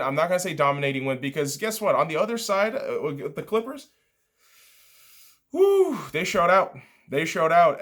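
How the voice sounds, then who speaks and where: Profane, excitable man reviewing a basketball game. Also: a little high. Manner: profane and excitable, rattling off stats.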